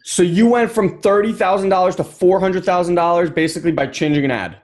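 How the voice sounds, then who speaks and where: A man hosting a podcast interview in a casual way, with a voice sitting a little high. He mostly gives short affirming replies, and when he sums up his guest's points he slows down. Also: darkish tone. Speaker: podcast host.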